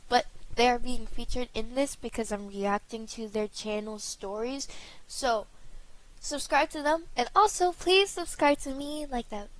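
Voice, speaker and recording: A young woman hosting a casual reaction video, excitable and jumping between loud outbursts and hushed asides. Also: a little high, low-quality recording.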